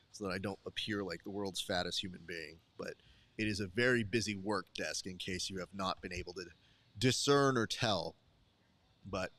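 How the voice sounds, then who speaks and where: Eating at his desk during a live event broadcast, a man hosts a live stream and chats casually with viewers, rambling, joking, and addressing the chat directly. His voice is on the low side with a fairly bright tone, and there's no echo.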